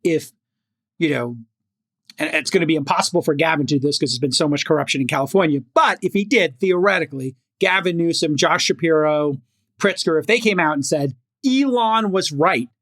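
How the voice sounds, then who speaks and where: A man co-hosting a podcast panel chat, throwing out his opinions in a brash, animated way. The sound is dry and close, with no room echo. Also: on the high side, brisk. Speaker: podcast co-host.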